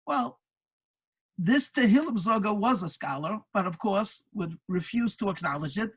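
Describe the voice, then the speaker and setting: A woman's voice: medium pitch, lively intonation, moderate pace, husky, rough recording. A woman speaking at a religious gathering, telling a Hasidic story and reflecting on it earnestly, often restarting her words. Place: synagogue community gathering.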